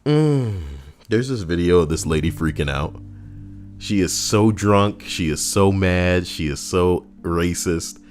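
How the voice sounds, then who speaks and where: A man hosting a video, delivering an animated, profane commentary rant. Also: slow. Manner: animated, profane, swinging up and down in pitch. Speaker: video host.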